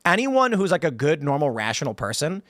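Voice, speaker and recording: A man hosting a casual studio panel, his voice sitting a little high as he jokes and tells stories with energy. The sound is close and dry, with no room around it. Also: dry recording. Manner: animated storyteller, quick and jokey. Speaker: show host. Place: podcast studio.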